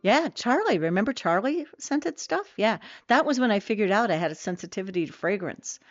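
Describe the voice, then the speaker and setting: A woman's voice: medium pitch, expressive, brisk, dry recording, muffled recording, faint music behind. A middle-aged woman streaming a game, chatting casually with viewers in a rambling way full of fillers and self-corrections.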